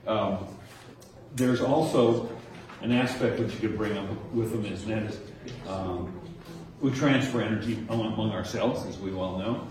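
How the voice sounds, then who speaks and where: Man guide at a nature center, chatty and animated with a group, miked from far off in a very echoey room. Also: lowish voice, moderate pace, a little hiss or hum. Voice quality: chatty, acts out kids' answers with rising tones. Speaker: nature center docent training teachers. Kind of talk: informal talk to a small group. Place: indoor room with a nature diorama.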